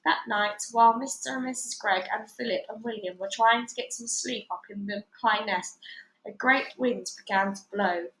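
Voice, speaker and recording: A woman reads a children's storybook aloud at a fairly high pitch, lifting her voice for the characters' lines. The recording carries a noticeable echo from the room. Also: moderate pace. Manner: lively, voices quoted lines with higher, louder pitch. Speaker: storybook reader. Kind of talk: read-aloud storybook narration.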